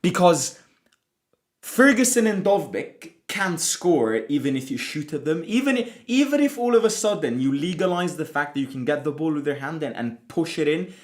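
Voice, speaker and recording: A man's voice: on the high side, lively intonation, moderate pace. A man hosting a fan channel, ranting angrily and swearing as he reacts to a football loss, often repeating himself. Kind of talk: angry football reaction rant.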